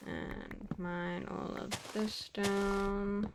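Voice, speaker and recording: With little pitch movement and drawn-out words, a young woman's medium-pitched voice comes through a noisy background as she streams a game. She talks wryly to herself and scolds things in mock indignation.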